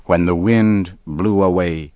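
A man narrating a story in a slow, deliberate, clearly paced scripted reading. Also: deep voice, fairly even intonation, dry recording, muffled recording.

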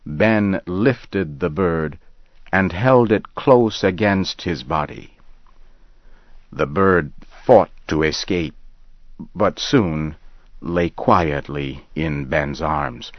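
Deep voiced guy reading a story super slow, dry close sound. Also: no room sound. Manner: slow, measured reading aloud. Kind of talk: scripted story narration. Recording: dull lo-fi recording.

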